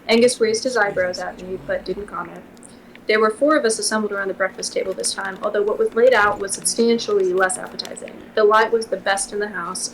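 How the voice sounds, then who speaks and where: In a low-quality recording with slight background noise, a woman with a mid-range, fairly bright voice reads a novel aloud at her microphone on a livestream. She casually pauses now and then for wry asides.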